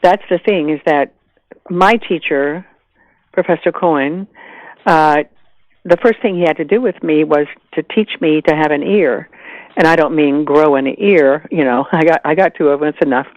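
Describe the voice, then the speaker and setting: An older woman from the American South, an actress chatting as a guest in an animated way, with frequent restarts. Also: deep voice, normal speed, no room sound, muffled recording. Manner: animated, chatty, laughs easily, many restarts. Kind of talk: casual interview chat.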